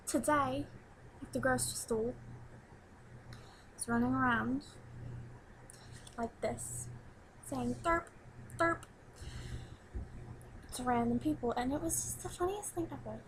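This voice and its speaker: A teenage girl chats into her webcam at home, her voice sitting a little high. She rambles from one thing to the next and breaks into giggles often. A faint hiss runs under the home recording. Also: a little slow, long pauses, poor audio. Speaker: new vlogger. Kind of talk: casual webcam chat.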